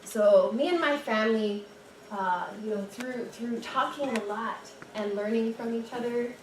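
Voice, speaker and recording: A young woman giving a chatty, animated storytelling talk at a dinner event, full of "like"s and restarts. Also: a little high, measured pace. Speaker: guest speaker and storyteller. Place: dinner event room, indoors. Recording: echoey room, distant mic, background noise.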